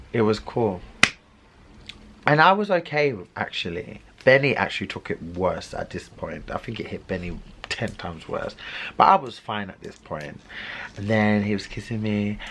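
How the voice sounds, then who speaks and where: A man's voice: medium pitch, fairly bright tone. A young man telling a dramatic personal story in a vlog, acting out quoted dialogue as he goes. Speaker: vlogger.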